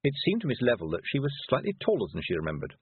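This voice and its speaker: A man reading a storybook aloud in an expressive way, giving the characters their own voices. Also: medium pitch, very fast, husky, no room sound. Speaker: audiobook narrator. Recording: dry, tinny phone-like sound.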